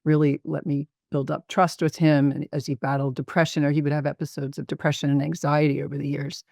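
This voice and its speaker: A middle-aged man with a slightly high, gravelly voice presents a clinical case over a video call. He talks in a measured, reflective way, pausing often to find his words. The sound is dry and close. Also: little pitch movement, a little mellow, dry recording.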